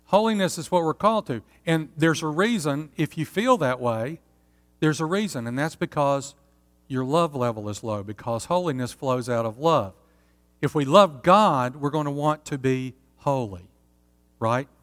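A man preaching a sermon as pastor, earnest and steady, often asking his listeners rhetorical questions. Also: a little high, moderate pace, in a large hall.

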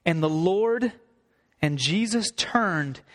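A man's voice: sits high, expressive, slow pace, a bit bright. A male pastor delivering a sermon, reading scripture aloud and then expounding on it earnestly. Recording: long hall reverb.

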